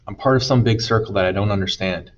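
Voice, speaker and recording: A man voicing a remorseful, gentle teenage boy who speaks earnestly. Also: fairly low pitch, fast, lo-fi sound, lightly acted. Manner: earnest, pleading.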